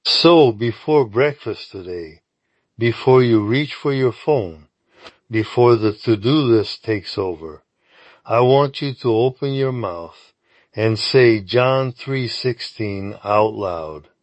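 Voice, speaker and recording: A man's voice: mid-range voice, slow pace, no room sound, highs cut off. A man hosting a scripted daily devotional, speaking earnestly and directly to the listener. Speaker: devotional host.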